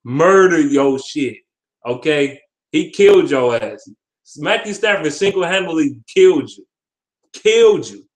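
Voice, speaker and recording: A man's voice: on the high side, unhurried. A man giving a football predictions vlog, reading comments and trash-talking with lots of profanity. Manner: profane, animated, laughing trash talk. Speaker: sports vlogger. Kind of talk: casual trash-talk commentary.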